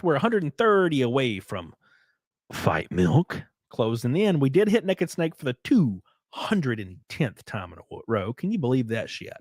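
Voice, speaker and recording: Man streaming, crude and joking, rambling, lively pitch swings, dry close mic. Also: moderate pace, no echo. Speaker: livestream host. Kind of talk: casual livestream chat.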